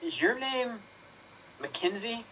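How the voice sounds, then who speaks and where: A man voicing a nosy, lively woman who pries with questions in an improv scene. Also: extremely high pitch, takes it slowly, breathy edge, far from the mic, pitched above the performer's own voice, heavily acted, low-quality recording. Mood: prying.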